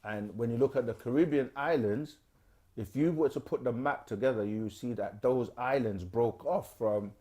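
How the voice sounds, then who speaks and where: A man hosting a live question-and-answer stream, explaining things in a loose, unhurried way with plenty of fillers. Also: mid-range voice, mellow. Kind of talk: casual explanatory talk.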